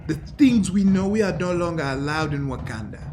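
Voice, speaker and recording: A man's voice: fairly high pitch, animated, fairly quick, over music, natural voice. A man voicing a battle-hardened, scarred warrior in his forties who speaks in proud, defiant speeches. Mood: bitter.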